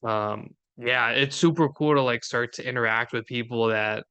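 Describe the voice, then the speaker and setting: Man co-host, bright clear voice, chatty and upbeat, golf podcast banter. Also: mid-range voice, normal speed. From Minnesota. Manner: chatty, upbeat, laughs often. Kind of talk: casual chat.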